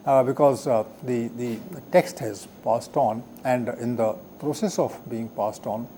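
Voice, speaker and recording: An older man giving a live televised lecture as the guest professor, speaking haltingly with many fillers and frequent throat clearing. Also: medium pitch, mellow, slight background noise. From India.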